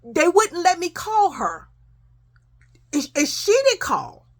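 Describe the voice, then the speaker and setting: A woman telling a childhood story in a casual, profane, animated way, often addressing listeners as y'all. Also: very high voice, slow.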